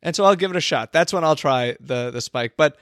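A man's voice: fairly high pitch, a little fast, fairly bright tone, dry recording, studio quality. A man co-hosting a casual podcast, teasing his friends and laughing often. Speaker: podcast co-host. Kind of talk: casual banter.

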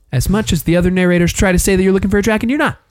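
A man's voice: sits high, rapid-fire, dry recording, clean studio sound, pitched above the performer's own voice, natural voice. A man voicing an indignant, bookish male dragon who lectures self-importantly in an improvised storytelling game. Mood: lecturing.

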